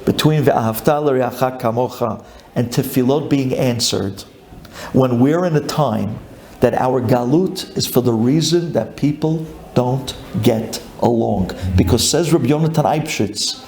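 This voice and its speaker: Animated rabbi preaching in an echoey room. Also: male voice, medium pitch, normal speed, a little hiss or hum. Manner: animated storytelling, acts out grumbling congregant, builds to shouting. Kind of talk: sermon.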